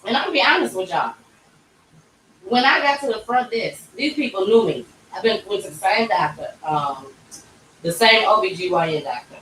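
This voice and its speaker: Animated woman telling a story, distant mic. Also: mid-range voice, moderate pace, a little hiss or hum. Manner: animated, acts out quoted voices. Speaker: vlogger telling her story. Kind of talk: casual storytelling. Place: tattoo shop. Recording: roomy, distant mic, faint ambience.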